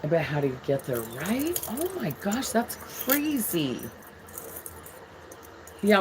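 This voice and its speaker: A woman from England hosts a jewelry live stream, chatting casually with viewers and reading their comments aloud while showing pieces. Her voice is low, and the poor audio carries a slight hiss or hum.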